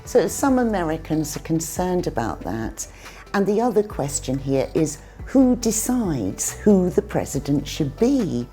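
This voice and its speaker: A woman with a low, warm voice teaches English words. Her pitch moves a lot as she explains each term in a clear, teacherly way. Faint music plays underneath. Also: sing-song, unhurried. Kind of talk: scripted lesson dialogue.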